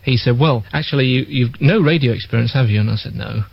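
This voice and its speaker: An older man with an English accent, a former radio disc jockey telling lively anecdotes and acting out the voices he quotes. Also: mid-range voice, fast, vocal fry, breathy edge, no room sound, dull audio. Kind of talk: reminiscing storytelling.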